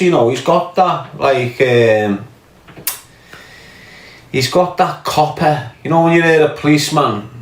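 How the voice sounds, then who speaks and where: Scouse man ranting in a roomy space. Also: medium pitch. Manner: profane, mocking, scornful. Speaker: podcast host. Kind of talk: casual ranting commentary.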